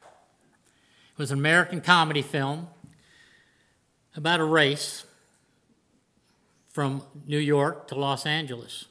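A man's voice: fairly high pitch, steady tone, slow pace, pauses often, pushed and bright. An older man preaching a sermon to a congregation in an earnest, plain-spoken way. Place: church before a congregation.

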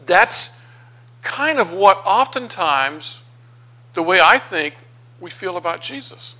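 A man preaching a sermon through scripture, conversational and unhurried, pausing on fillers as he thinks aloud. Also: high voice, expressive, bright, forceful tone, poor audio.

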